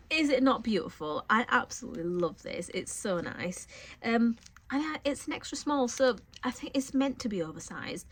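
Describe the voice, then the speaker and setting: A woman vlogs about her sewing haul in a lively, chatty way. She has a cold, so her voice carries a cough and some breathlessness. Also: medium pitch. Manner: chatty, animated storytelling. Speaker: sewing vlogger. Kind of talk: casual haul vlog.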